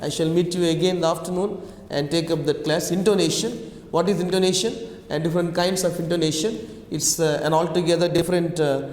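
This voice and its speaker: A man's voice: a little high, steady tone, fairly quick, a little mellow. A male teacher giving an English lesson, explaining step by step, repeating words and checking in with "okay" and "right". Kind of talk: online English lecture. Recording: echoey room with long reverb.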